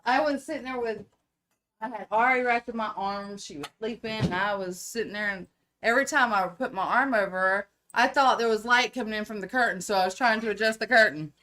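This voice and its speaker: Woman, bright tone, salty casual chat on a webcam. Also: a little high, brisk. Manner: profane, laughing often. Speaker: podcast co-host.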